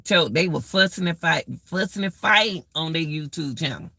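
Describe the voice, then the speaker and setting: A woman's voice: deep voice, animated, moderate pace, gravelly, bright, forceful tone, breathy edge, dry recording, clean studio sound. A middle-aged woman hosting a casual live-stream rant, exclaiming and repeating herself as she talks straight to her viewers.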